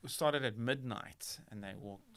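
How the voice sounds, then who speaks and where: A man's voice: mid-range voice, measured pace, a bit bright. A man hosting a casual podcast chat, rambling and teasing with many restarts. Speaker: podcast host.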